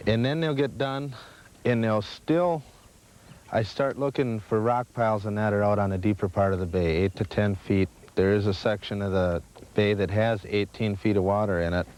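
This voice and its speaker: A man's voice: lowish voice, steady tone, normal speed, a little mellow. A man explaining fishing patterns from a boat in a plain, matter-of-fact way. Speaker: local fishing guide. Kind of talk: casual on-the-water fishing chat. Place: outdoors on a boat on a lake. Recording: 1980s VHS field audio with light noise.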